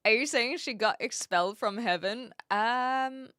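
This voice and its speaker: A woman's voice: fairly high pitch, measured pace, fairly bright tone, smooth, no echo, clean studio sound. A young woman hosting a casual livestream, chatting, laughing often and greeting viewers by name. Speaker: livestream host. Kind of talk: casual livestream chat, reading viewer comments.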